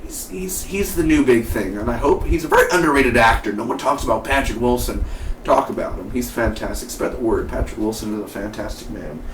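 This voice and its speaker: A man's voice: mid-range voice, a little fast. A man casually reviewing a TV episode, rambling and enthusiastic, with lots of fillers and "dude" and "man". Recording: roomy echo from far off the mic, light hiss.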